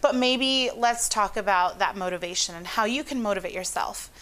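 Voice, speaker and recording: A Honduran psychologist, a woman, is a guest in an interview and speaks expressively, her intonation emphatic and varied. Her voice is mid-range and a bit bright, at a moderate pace.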